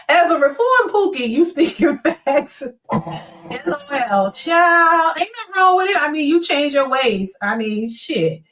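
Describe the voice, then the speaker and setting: A woman hosting a casual live stream, reading viewer comments aloud and giving blunt, animated opinions, often mimicking other people in quick put-on voices. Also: a little high, far from the mic, poor audio.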